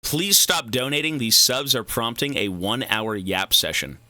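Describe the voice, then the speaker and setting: A man's voice: medium pitch, expressive, normal speed, bright, forceful tone, no room sound, studio quality. A young man streaming a game, chatting casually, rambling and cursing as he goes off on side tangents. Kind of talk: casual livestream chat while gaming.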